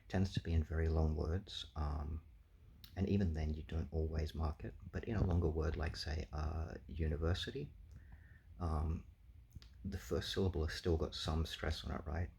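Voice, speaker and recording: Very deep gravelly man. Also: fairly even intonation, moderate pace, warm tone. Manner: thinking aloud with many fillers. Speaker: language game player. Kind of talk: casual explanatory commentary.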